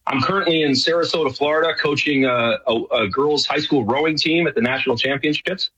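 A man's voice: on the high side, a little fast, sharp tone, husky, muffled recording. A middle-aged man from New York, a guest in a casual radio interview, chatting and rambling with many fillers. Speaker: guest, show host.

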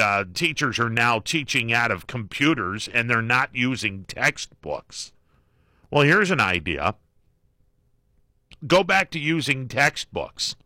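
A man hosting a call-in talk radio show, joking and folksy with plenty of fillers and slow emphasis. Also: medium pitch, sharp tone, no room sound, clean studio sound. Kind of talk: casual talk radio monologue. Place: radio studio. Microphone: studio microphone.

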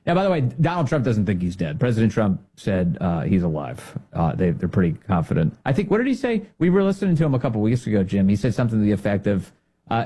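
A man's voice: lowish voice, very animated, fast talker, mellow, husky. A man doing political commentary, mocking and sarcastic, who mimics the people he talks about. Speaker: commentary host.

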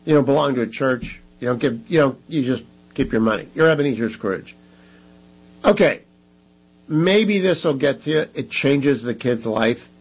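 A man hosting a talk radio show, making brisk, emphatic appeals to listeners with chatty asides. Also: medium pitch, slightly rough, poor audio. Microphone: studio microphone.

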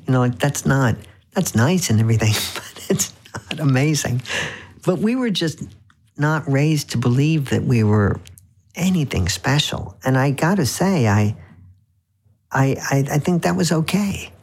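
A man's voice: medium pitch, animated, normal speed, darkish tone, slightly rough. A man being interviewed as an author on the radio, telling wry anecdotes with frequent restarts. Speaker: author guest.

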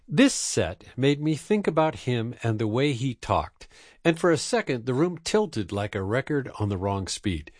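A man hosting a radio program spins a dry, wry personal anecdote in a relaxed conversational way. His pitch moves in a lively way, and the recording is dry and close. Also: a little slow, no echo. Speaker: radio host. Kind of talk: storytelling monologue.

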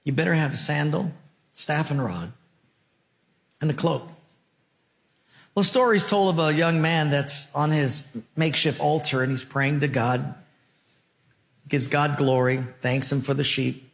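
A man pastor telling a parable in a sermon, earnest, dropping soft and low at his key points. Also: a little slow, creaky, long pauses. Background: soft guitar music.

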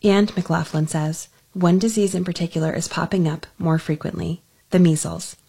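A woman reads a radio news story in an even, scripted way. Her voice sits low, with a gravelly, slightly husky edge. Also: moderate pace. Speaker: radio reporter.

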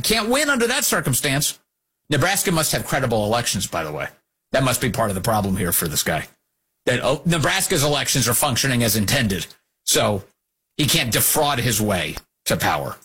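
A man hosting a political talk show, giving opinionated commentary in a mocking, animated way. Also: mid-range voice, a little fast, breathy edge. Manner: animated, mocking, acts out quotes.

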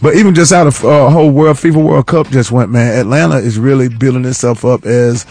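A man's voice: mid-range voice, fairly even intonation, a little fast, darkish tone, dry recording. Upbeat slangy male radio co-host. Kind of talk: casual radio banter.

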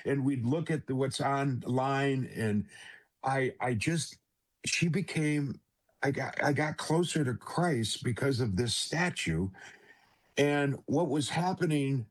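A man, a guest on an interview show, telling a personal faith story earnestly, with halting restarts and repeated direct address to the host. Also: medium pitch. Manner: halting restarts at emotional moments.

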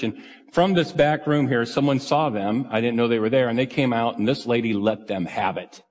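A man's voice: medium pitch, husky. A male pastor giving a sermon in an earnest, conversational, self-deprecating way. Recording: reverberant church hall.

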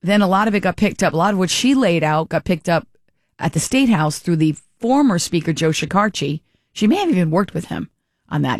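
A woman's voice: lowish voice, no echo. Talk radio lady riffing on local politics, opinionated, dry close sound. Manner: chatty, opinionated, frequent restarts. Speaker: radio talk show host. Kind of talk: political commentary.

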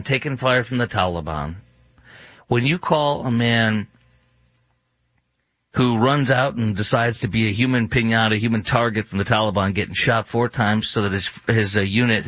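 Male radio host, indignant rant, mid pitch, dry dull studio sound. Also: fairly bright tone, no echo. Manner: indignant, ranting, with many fillers. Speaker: radio talk show host. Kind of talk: opinionated talk radio monologue. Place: studio in Dallas.

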